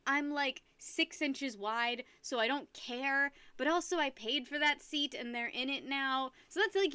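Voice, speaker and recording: A young adult woman streamer chatting casually with her live viewers, telling a rambling, animated story and laughing often. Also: sits high, clear, resonant tone, dry recording.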